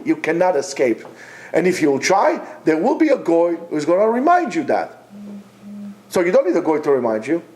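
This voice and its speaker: High-voiced man teaching with emphatic repetition. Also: darkish tone. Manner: emphatic, rhetorical, repeats points; talks directly to absent listeners. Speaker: Torah teacher. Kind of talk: informal Torah class.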